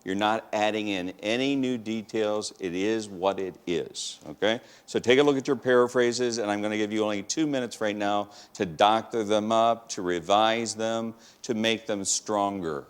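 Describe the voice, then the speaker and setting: A man's voice: lowish voice, moderate pace, hardly any pauses, clean tone. A male teacher leading a classroom lesson, asking questions, calling on students and restating their answers.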